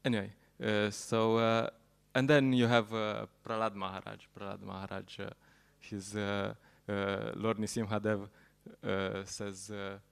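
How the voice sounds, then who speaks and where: Casting: a male temple speaker, halting storyteller, deep voice with plenty of fry. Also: little pitch movement. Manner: halting, storytelling, laughs at own jokes. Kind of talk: sermon.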